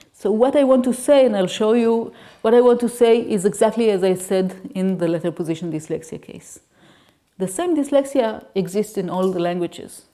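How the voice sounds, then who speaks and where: A native Hebrew speaker with a warm, medium-pitched voice gives an academic lecture as a guest lecturer in a lecture hall. She explains step by step, restarting herself and checking in with phrases like "okay?"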